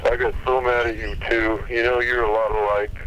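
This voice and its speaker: A man's voice: mid-range voice, flat delivery, normal speed, a bit bright, slight background noise, low-quality recording. A man leaving aggrieved, self-pitying, rambling messages on an answering machine.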